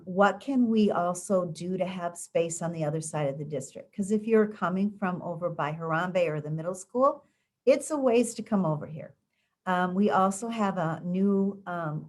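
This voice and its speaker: An American woman who works as a school district education official answers community interview questions. Her low-pitched, darkish voice is chatty and conversational, full of ums and restarts.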